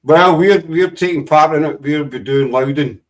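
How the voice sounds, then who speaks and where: A man's voice: a little high, normal speed, far from the mic. Joking Scottish man hosting a chat. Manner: jokey, teasing, rambling. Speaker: host. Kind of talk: casual chat.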